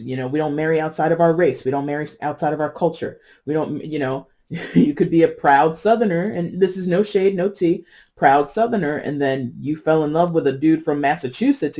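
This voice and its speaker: A tarot reader talking through a reading in a casual, digressive way, with many asides, "you know"s and laughs at their own jokes, sometimes slowing to stress key words. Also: medium pitch, warm tone.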